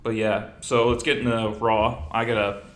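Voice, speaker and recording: A man's voice: mid-range voice, moderate pace, reverberant. A man hosting a podcast in casual chat, telling stories and joking. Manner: animated storyteller, jokey. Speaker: podcast host.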